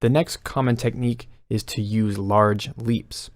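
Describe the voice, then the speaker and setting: A man explaining melody writing techniques in a calm, instructional way, counting beats aloud. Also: mid-range voice, measured pace, no room sound, clean studio sound. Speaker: music composition teacher.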